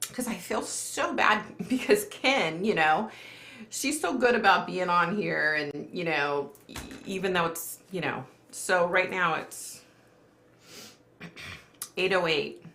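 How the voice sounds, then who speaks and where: Middle-aged lady chatting on a live stream, laughs a lot, gravelly low voice, echoey room. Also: expressive, slow, long pauses, bright, forceful tone. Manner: chatty, laughs often, reads viewer comments aloud. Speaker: livestream host. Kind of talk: casual live chat.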